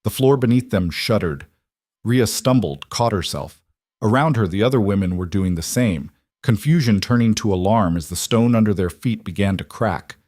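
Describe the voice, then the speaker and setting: A man narrates a fantasy story in a steady, scripted read. His voice sits low and sounds dry, close to the mic with no room around it. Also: moderate pace, no room sound.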